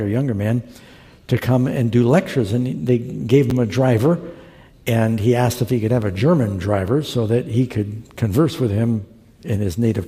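A man with a mid-range, dark-toned voice preaches a sermon full of folksy stories, acting out the people he quotes. The long reverb of a large hall hangs on his words.

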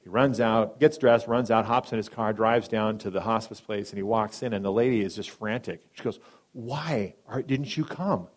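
A man preaching a sermon and telling a story, dramatic, swinging between loud emphatic lines and hushed soft ones, briefly acting out the people in it. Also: fairly low pitch, normal speed. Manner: acts out quoted speakers in brief voices.

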